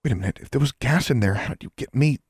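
A man voicing a fierce, defiant young schoolgirl witch with a sharp, blunt way of speaking. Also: mid-range voice, expressive, rapid-fire, husky, no echo, studio quality, pitched above the performer's own voice. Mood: urgent. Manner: sharp and blunt, shouting when angry.

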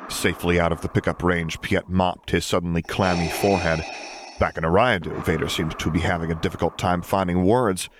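A man reading a story aloud in measured, dry narration. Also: sits low, steady tone, background noise. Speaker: audiobook reader. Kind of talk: scripted narration of fan fiction.

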